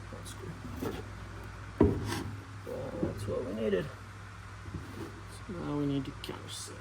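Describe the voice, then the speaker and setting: A man's voice: a little high, a little slow, vocal fry, long pauses, noisy background. A man vlogging casually, talking through each step while he works on a vehicle. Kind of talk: casual how-to narration.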